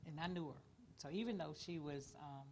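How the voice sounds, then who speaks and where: A woman's voice: sits low, a little fast, darkish tone, a little hiss or hum. A woman guest on a radio interview, chatting and reminiscing, stretching out words for emphasis.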